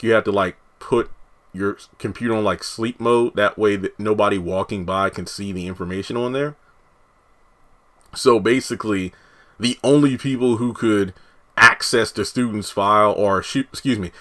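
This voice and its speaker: A man's voice: on the low side, a bit bright. A man, a TV reviewer, casually recapping an episode, rambling and correcting himself as he quotes the characters.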